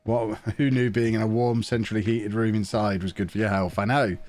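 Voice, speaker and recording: A man's voice: on the low side, fairly even intonation, moderate pace, darkish tone, soft background music. A man with a sniffly, stuffed-up nose, chatting casually and rambling through a live stream while he plays a management game.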